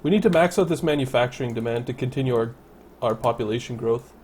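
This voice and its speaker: A man's voice: medium pitch, quick pace, a little mellow, slight background noise. A man casually commenting on his city-building game, thinking aloud and correcting himself as he goes. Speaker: let's play commentator.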